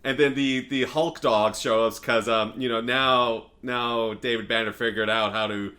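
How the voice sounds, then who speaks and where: A man's voice: medium pitch, steady tone, a little slow, pushed and bright. A man in casual podcast chat, rambling through a movie recap with lots of fillers and laughs. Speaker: podcast co-host.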